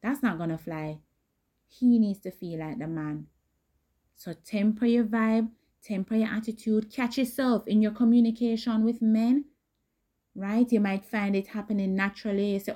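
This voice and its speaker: A woman hosting a dating advice talk, speaking directly and emphatically in a casual way, with a voice that is not high or squeaky. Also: steady tone, moderate pace, warm tone. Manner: direct, emphatic, conversational with quoted asides.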